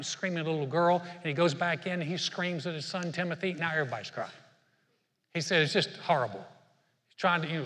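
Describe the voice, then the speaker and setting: A male pastor delivers a sermon in a somewhat high voice, telling stories with frequent restarts and repeated words. His voice rings with long reverb in the church sanctuary. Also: fairly bright tone.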